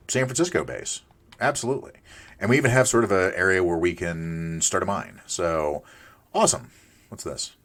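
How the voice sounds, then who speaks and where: A man's voice: low-pitched, a bit bright. A man in his forties chatting casually and rambling through gameplay commentary as a let's play host, thinking aloud with restarts. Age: 40s. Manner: playful asides to himself.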